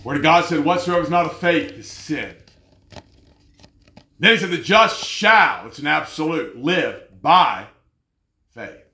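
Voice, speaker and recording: A man preaching a fervent sermon, telling stories and rising to loud exclamations. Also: a little high, very animated, a little slow, pauses often, roomy sound.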